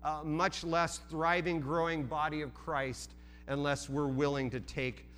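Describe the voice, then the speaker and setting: Bright, high-voiced male preacher. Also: level tone, unhurried, smooth. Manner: earnest, repeats words, many restarts and fillers. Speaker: pastor. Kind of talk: sermon.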